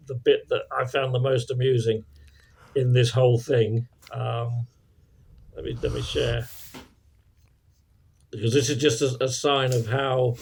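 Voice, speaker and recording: A man's voice: mid-range voice, gravelly, a little hiss or hum. Man, casual co-host, self-mocking, stop-start delivery. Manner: self-deprecating, halting restarts, laughs often. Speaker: podcast co-host. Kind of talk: casual chat on a call.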